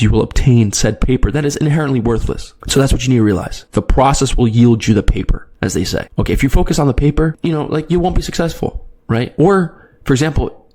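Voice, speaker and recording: Dude rapid-firing a motivation talk at the camera, mid-pitch voice, keeps asking right? okay?. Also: male voice, darkish tone. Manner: urgent, repetitive direct address, frequent tag questions. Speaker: trading video host.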